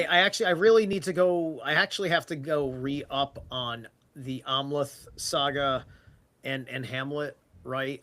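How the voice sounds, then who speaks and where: A man's voice: mid-range voice, fairly bright tone. A man in casual podcast chat, rambling and swearing casually as he thinks aloud.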